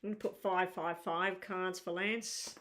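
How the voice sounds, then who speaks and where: A woman's voice: on the low side, steady tone, unhurried, fairly bright tone. A woman giving a live tarot reading, chatty and reassuring, thinking aloud as she turns the cards. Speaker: tarot reader.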